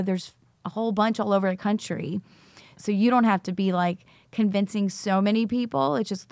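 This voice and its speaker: A woman's voice: mid-range voice, dry recording. A middle-aged woman, a teacher, telling her story in an interview and acting out the dialogue as she goes. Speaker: teacher, recovery school founder.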